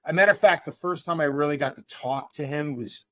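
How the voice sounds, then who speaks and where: A man who is a tattoo artist, telling excited, profane stories in a casual conversation over a remote call. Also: on the high side, a little fast, no echo. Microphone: remote call mic.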